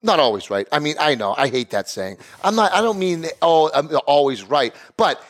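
A middle-aged man rants through a story, throwing his voice around as he plays himself and the other guy. His pitch sits a bit high and jumps all over. He sounds excitable and theatrical. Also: normal speed. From Italian heritage. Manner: excitable, acts out both sides of conversations. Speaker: podcast co-host, barbecue business owner. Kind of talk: animated storytelling rant.

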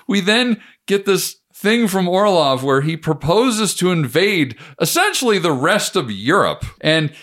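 A man co-hosting a casual film review podcast, recapping scenes in an animated way and laughing often. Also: high voice, unhurried, hardly any pauses. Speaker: podcast co-host.

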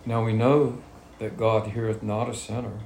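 A man leads a Bible study, reading scripture and then unpacking it in everyday words. His voice sits low with a gravelly edge. The room around him echoes, with a faint hum behind. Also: flat delivery, normal speed, darkish tone. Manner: reads scripture then explains it in plain talk.

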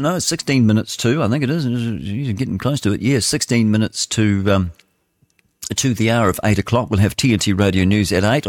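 A man's voice: on the low side, no echo, clean studio sound. A man hosting a radio show in casual talk, rambling and thinking aloud as he looks for his next clip. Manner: rambling, thinks aloud while hunting for clips. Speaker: radio host.

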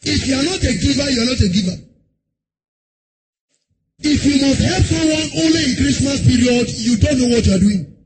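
A male pastor giving a sermon in a church service, chanting lines in a sing-song way, breaking into shouts and firing rhetorical questions at the congregation. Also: extremely high pitch, lively intonation, moderate pace, pauses often, faint music behind. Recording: noisy live sermon recording.

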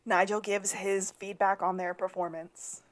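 A woman's voice: mid-range voice, little pitch movement, a little slow. A young woman co-hosting a casual podcast, recapping an episode and reading out quotes in put-on voices. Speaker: podcast co-host.

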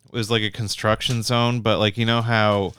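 A man's voice: lowish voice, little pitch movement, normal speed, fairly bright tone, clean tone, no echo. A young Canadian man telling long, rambling road stories in casual chat, swearing freely and full of "like" and restarts.

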